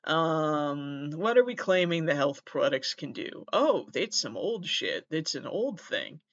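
A man's voice: fairly high pitch, sing-song, takes it slowly, fairly bright tone, no echo. Male podcast host, rambling comic monologue, self-mocking, slightly muffled dry recording. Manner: rambling, self-deprecating, stumbles over names. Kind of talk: casual comedic monologue. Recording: dull lo-fi dry sound.

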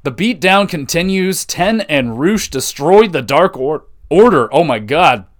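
A man hosting a wrestling podcast alone, talking casually and excitably, swearing often and restarting his sentences as he rambles. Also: a little high, a little slow. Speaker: podcast host.

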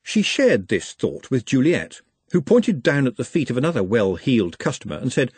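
A man reading an audiobook aloud in a wry, animated way. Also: medium pitch, normal speed, breathy edge, no room sound. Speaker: audiobook narrator. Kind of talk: audiobook narration.

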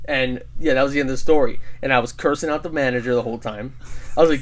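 Animated young man telling a story. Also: mid-range voice, quick pace. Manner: animated, quotes people, laughs often, swears. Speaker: podcast co-host. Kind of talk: casual storytelling chat.

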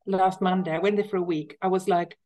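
A woman's voice: fairly low pitch, steady tone, fairly quick, dark tone. Enthusiastic middle-aged woman telling stories. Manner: storytelling, enthusiastic, emphatic. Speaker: guest, cookbook author. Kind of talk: casual interview chat.

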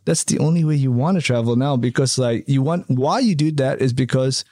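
A man's voice: mid-range voice, brisk, dark tone, no room sound. Chatty man with a dry close sound. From Canada. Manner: chatty, rambling, many fillers and tag questions. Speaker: interview guest, hotel developer. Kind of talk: casual interview talk.

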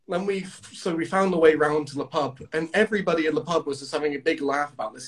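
English guy hosting a podcast, bit high voiced, tells stories and acts out the quotes. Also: fast talker. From England. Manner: animated storyteller, acts out quotes. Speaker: podcast host. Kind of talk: casual chat.

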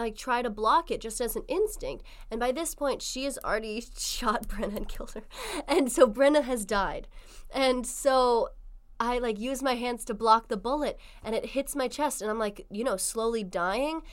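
A woman's voice: a little high, normal speed. A young woman co-hosting a podcast, chatting casually and acting out voices as she tells a story. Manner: animated storytelling, acts out voices. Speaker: podcast co-host. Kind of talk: casual chat.

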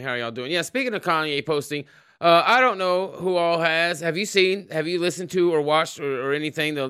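A man's voice: fairly high pitch, fairly bright tone, smooth, no echo, studio quality. A man hosting a casual livestream podcast, greeting chatters by name and rambling in a profane, offhand way. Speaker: podcast host.

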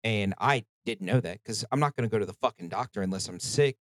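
A man's voice: lowish voice, fast, dry recording. A man hosting a podcast, telling rambling stories in casual chat and swearing freely. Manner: profane, rambling storytelling. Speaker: podcast host.

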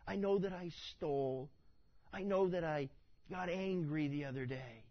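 A man voicing a hushed, frightened sinner. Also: a little high, measured pace, dull audio, natural voice. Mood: fearful. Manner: hushed, anxious confession. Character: frightened guilty man, a sinner dreading judgment.

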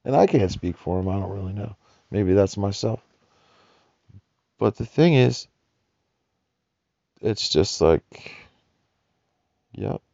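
A man with a dark, gravelly voice delivers a rambling, profanity-laced monologue, agitated and wandering. The recording is dry and dull, with a lo-fi, muffled sound. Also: lowish voice, expressive, slow, long pauses, dry recording. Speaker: vlogger describing homeless life.

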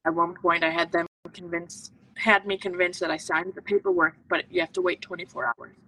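A woman on a podcast, a medical intuitive, recounts her own story in an earnest, intense way, frequently thinking out loud. Her voice is lowish and sharp, fairly quick, with little pitch movement. She sits at a distance from the mic, and there's slight background noise.

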